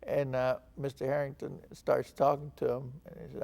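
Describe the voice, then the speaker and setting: A medium-pitched, darkish voice with vocal fry delivers this older San Antonio veteran's oral history at a slightly fast clip, flat and with hardly any pauses. He tells his stories by acting out the dialogue he quotes.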